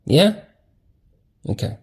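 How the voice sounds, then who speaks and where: A man's voice: takes it slowly, a little mellow. A man giving a loose, casual spiritual lecture with slang, emphasis, and frequent fillers. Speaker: teacher.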